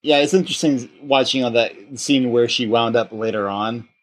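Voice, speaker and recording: A man's voice: medium pitch, normal speed. Casting: male podcast host, casual and rambling, mid-range voice. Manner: rambling, many restarts and fillers. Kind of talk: casual chat.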